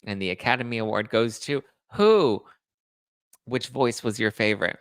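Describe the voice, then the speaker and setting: A man's voice: fairly low pitch, animated, measured pace, gravelly, fairly bright tone, clean tone, no echo. A man hosting a pop culture live show, chatting casually to his viewers with sarcastic asides. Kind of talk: casual live-chat commentary.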